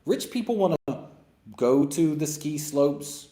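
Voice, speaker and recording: Male host, blunt and sarcastic monologue, lively swinging pitch, roomy echo. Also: a little slow. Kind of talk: opinionated monologue and Q&A.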